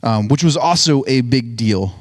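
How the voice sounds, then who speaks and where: A man's voice: mid-range voice, animated, moderate pace. A man giving a casual, joking sermon, retelling a Bible story with lots of "like" and "right?". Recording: hall reverb on voice.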